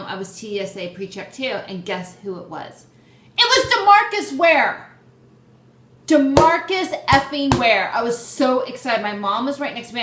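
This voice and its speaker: A young woman hosting her own vlog, chatting excitedly and poking fun at herself. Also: medium pitch. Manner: excitable, chatty, self-deprecating. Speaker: host. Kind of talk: casual vlog chat. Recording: roomy echo, faint background noise.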